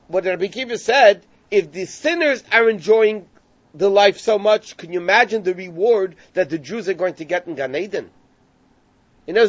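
This Torah teacher has a high voice and walks through a Gemara story, rendering each Hebrew phrase into translation as he proceeds. His sound is pushed and bright with no echo, though the recording is dry and a little dull overall, with no room sound.

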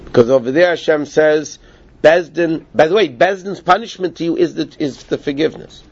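A man teaching Talmud in a conversation, animated, acting out the voices of the people he quotes. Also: fairly high pitch, a little fast, slightly rough. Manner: animated, acts out quoted speakers. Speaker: Torah teacher. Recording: dull lo-fi recording.

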